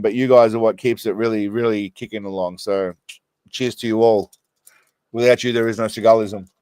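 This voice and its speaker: Aussie man, live stream host, rambling and sweary, mid-pitched, close dry mic. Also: darkish tone, no room sound. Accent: Australian. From Australia. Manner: rambling, sweary, laughs a lot, keeps getting sidetracked. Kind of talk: casual live stream chat. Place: small condo room.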